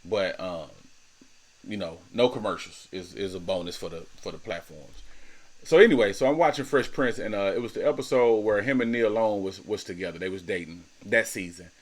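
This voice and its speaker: Slangy guy in his 30s doing a solo podcast, kinda low voice, stumbles over words, laughs a lot. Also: fairly quick. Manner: slangy and laid-back, stumbles and repeats words, laughs often. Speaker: podcast host. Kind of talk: casual solo podcast monologue.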